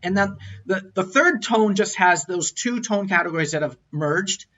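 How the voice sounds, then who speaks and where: A man's voice: sits high, expressive, moderate pace, bright, forceful tone, slight background noise. A man teaching a lecture on tones, explaining step by step and stopping to sing out each tone as an example. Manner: explanatory, stops to demonstrate tones, frequent restarts. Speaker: language teacher. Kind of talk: online lecture with slides. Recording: dull lo-fi recording.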